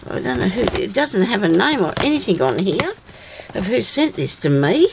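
A middle-aged woman vlogger opens a parcel on camera, chatting to viewers, thinking aloud and exclaiming as she goes. Her medium-pitched voice is very animated and creaky, at a normal speed. It's a casual unboxing chat captured in a noisy home recording.

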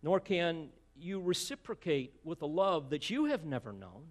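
A man delivering an expository sermon, his voice sitting a little high for a man. He preaches emphatically, dropping to a hush and then rising, often repeating words as he drives a point home. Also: big pitch swings, moderate pace. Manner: emphatic preacher with rhetorical asides, swinging from hushed to loud. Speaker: pastor.

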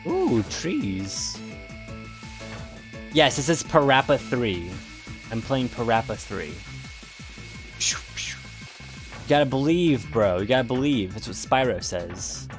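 A man's voice: mid-range voice, sing-song, slow, over music. A man streaming a video game with goofy, playful commentary and jokey yelps of pain. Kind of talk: casual let's-play commentary.

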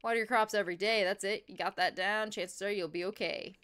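A woman's voice: mid-range voice, fairly even intonation, brisk, fairly bright tone, no room sound, natural voice. A woman voicing a folksy older farmer father giving homespun advice.

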